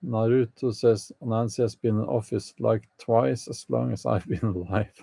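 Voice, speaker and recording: A man's voice: fairly low pitch, normal speed, mellow, no room sound. A man hosting a casual live chat with his viewers, hesitant and full of fillers, with wry opinions and frequent laughs. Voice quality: gravelly, hesitant with many fillers. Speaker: channel host answering live chat.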